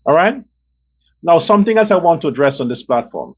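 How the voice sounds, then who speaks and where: A man's voice: fairly high pitch, big pitch swings, brisk, husky. A man hosting his own show, delivering an angry, profane political rant that repeats and hammers on words. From Guyana. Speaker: show host. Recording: dull lo-fi recording.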